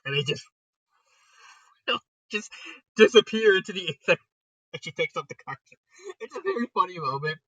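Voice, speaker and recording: A man's voice: high-pitched, expressive, moderate pace, long pauses, fairly bright tone, breathy edge, no room sound, recorded from a distance, rough recording. A young man giving a casual spoken review, retelling it animatedly with frequent laughter and lots of "like". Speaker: fanfiction reviewer. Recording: dry sound, voice set back from mic.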